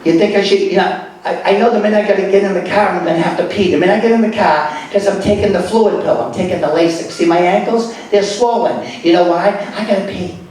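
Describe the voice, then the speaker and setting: A man voicing his old mother, who nags and scolds loudly in a blunt, fretful way. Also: medium pitch, fast talker, lightly acted. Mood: fretting. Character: loud nagging old Italian-American mother. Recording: echoey club from far off.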